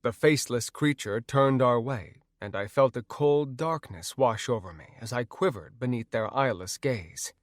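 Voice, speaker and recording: A man narrating a first-person audiobook in a measured, even storytelling manner. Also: medium pitch, no room sound, studio quality.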